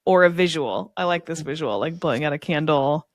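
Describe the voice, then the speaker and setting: A woman's voice: low voice, lively intonation, brisk, no echo. A woman co-hosting a podcast, speaking earnestly and reflectively in casual chat. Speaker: podcast co-host.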